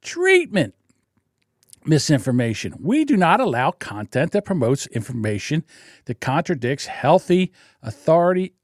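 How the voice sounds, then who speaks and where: A man's voice: on the high side, big pitch swings, a little slow, no echo, studio quality. A man hosting his own podcast, ranting in a sarcastic, indignant way and laughing often. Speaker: podcast host. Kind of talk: solo podcast livestream rant.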